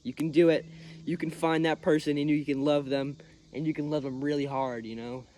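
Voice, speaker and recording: A young vlogger walks through the woods, recording on his phone as he delivers a rambling but earnest pep talk loaded with crude slang. His voice is a little high and dark-toned, with fairly even intonation and a fairly quick pace. Faint birds and insects sound in the background, along with a little hiss or hum.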